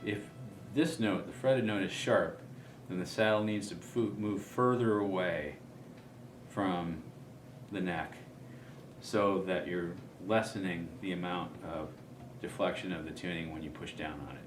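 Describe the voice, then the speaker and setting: Man, very deep voice, casual instructional talk, thinks aloud; roomy, noisy recording. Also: a little slow. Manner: relaxed, thinking aloud with many ums. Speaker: guitar player explaining setup. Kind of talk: casual demonstration.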